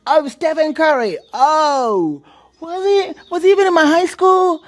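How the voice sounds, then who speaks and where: A man putting on a falsetto voice to play a smug, boastful young woman. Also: unhurried. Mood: mocking.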